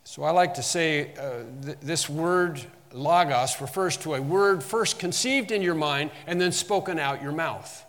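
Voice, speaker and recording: A man's voice: on the high side, a little slow, few pauses, fairly bright tone. Man preaching in a reverberant hall. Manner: teaching, repeats and restarts phrases, emphatic quoting of verses. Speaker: Bible teacher. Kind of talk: sermon.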